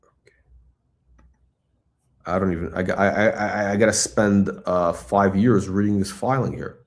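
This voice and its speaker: A middle-aged man hosting a live stock chat, talking in an excitable, blunt, repetitive way and swearing now and then. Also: sits low, moderate pace. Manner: excitable hype, blunt, swears, repeats himself. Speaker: stock channel host. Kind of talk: livestream stock chat reading chat questions.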